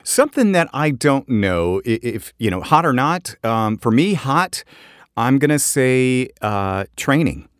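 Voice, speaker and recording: A man's voice: medium pitch, sing-song, unhurried, dry recording, studio quality. A male voice actor co-hosting a casual podcast, talking in an easygoing, rambling way full of fillers.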